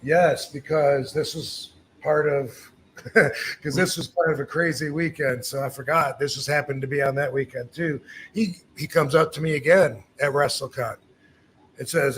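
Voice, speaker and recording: A man's voice: a little high, steady tone, moderate pace, a little hiss or hum. A man in his fifties, from the United States, casually telling a story as a podcast host, acting out quoted lines and swearing freely.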